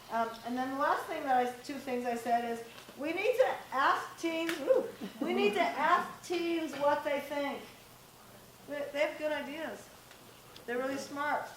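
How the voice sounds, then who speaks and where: Middle-aged woman presenting to parents, higher voice, chatty and direct, echoey room w faint hiss. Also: distant mic. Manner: direct, conversational, acts out dialogue. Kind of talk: live presentation to parents and teens.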